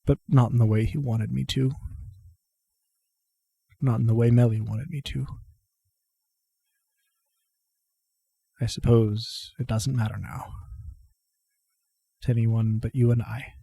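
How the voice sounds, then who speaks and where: A man's voice: fairly even intonation, a little slow, gravelly, pauses often, dark tone, husky, no echo. Man doing a bitter old patriarch, coughing and spent, for a tabletop game. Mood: resigned. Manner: weary, cracked, raises pitch.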